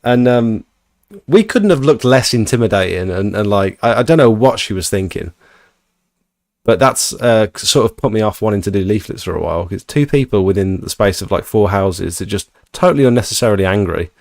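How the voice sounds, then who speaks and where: A podcast host tells a story in casual conversation, speaking a little fast with some vocal fry. He's animated, acting out quotes as his pitch jumps up. The recording is clean studio sound with no room echo.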